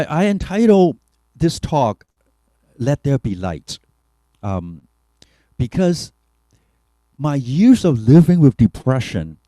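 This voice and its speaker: A man's voice: mid-range voice, warm tone, dry recording. A man, a pastor giving an earnest, reflective testimony talk with hesitant fillers. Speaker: pastor and keynote speaker.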